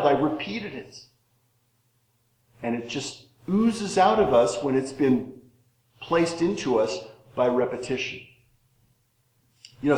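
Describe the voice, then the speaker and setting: A middle-aged man preaching a sermon in an echoey room. His voice sits a little high for a man, and he builds to loud questions before dropping to soft, low single words. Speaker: pastor.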